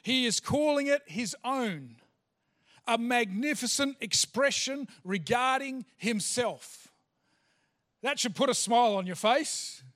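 A man's voice: very high voice, animated, slow, a bit bright. A male pastor preaching a sermon in church, emphatic, repeating phrases and restarting himself. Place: church hall.

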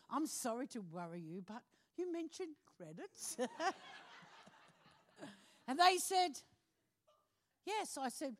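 High-voiced woman telling a lively testimony. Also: slow pace, long pauses. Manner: animated storytelling, acting out phone calls, laughing often. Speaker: preacher. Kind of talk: testimony from the pulpit.

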